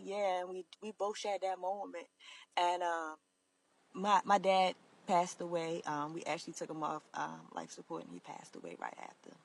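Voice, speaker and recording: A woman telling her own story to camera, earnest and halting, with many fillers and restarts. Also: lowish voice, fairly bright tone. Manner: earnest, emotional confiding. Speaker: vlogger.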